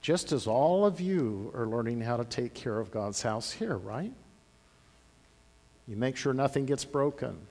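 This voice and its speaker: A man pastor telling a Bible story to children in a church, animated, with big swings in loudness. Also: mid-range voice, unhurried. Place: church sanctuary. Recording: long church-hall reverb.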